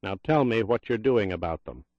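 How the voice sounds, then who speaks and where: An impatient, harsh-tongued president with a Southern drawl, as a man acts him out for an audiobook, curt and demanding. His voice sits fairly low, dry and slightly muffled. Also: lively intonation, fairly quick, no echo, close to an everyday voice. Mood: angry demanding. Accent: Southern American drawl.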